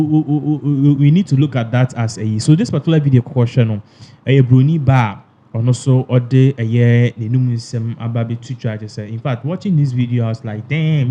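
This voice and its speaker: A man's voice: mid-range voice, dark tone, slight background noise. A man commenting in a casual reaction chat, switching between Twi and with stammered restarts. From Ghana.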